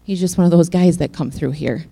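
A woman's voice: fairly low pitch, brisk, gravelly, mellow, slightly rough. A woman preacher giving a casual, joking sermon, acting out the scenes she tells. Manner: chatty, joking, acts out scenes.

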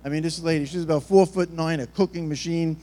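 A man's voice: on the high side, steady tone, quick pace, dark tone, faint music behind. A man preaching a sermon in a rambling, joking, storytelling way. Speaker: pastor.

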